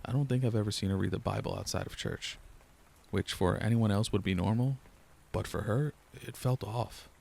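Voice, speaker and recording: A young man reading a first-person horror story aloud in a low-key, steady storyteller's way. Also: moderate pace, vocal fry. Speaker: narrator. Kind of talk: scripted horror narration.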